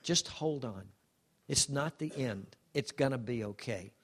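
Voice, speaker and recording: A man's voice: medium pitch, fairly bright tone, slightly rough. Older man giving an emotional testimony. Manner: halting, emotional, many restarts. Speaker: speaker sharing a personal testimony. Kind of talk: heartfelt personal testimony.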